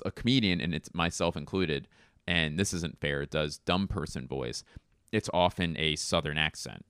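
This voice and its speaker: A man's voice: low-pitched, a bit bright, smooth, dry recording, clean studio sound. A man hosting a casual solo podcast, rambling and joking with plenty of swearing. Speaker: podcast host.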